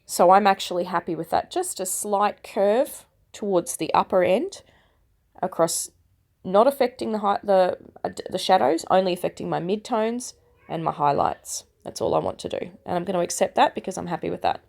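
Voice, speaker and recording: A woman in her thirties, croaky from a cold, chatting her way step by step through a phone photo-editing tutorial. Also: medium pitch, animated, normal speed, a little mellow. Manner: chatty and self-deprecating, explaining step by step. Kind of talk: casual screen-recorded tutorial.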